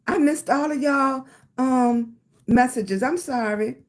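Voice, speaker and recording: An older woman with a Southern US accent chats casually on her livestream, speaking slowly in a high-pitched voice. She thanks viewers by name, calling them things like sweetie and baby.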